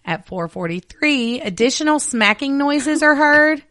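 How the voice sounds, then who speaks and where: A woman's voice: high-pitched, lively intonation, measured pace, a bit bright, no echo. Female podcast host, casual true-crime storyteller who reads case details aloud; dry, close recording.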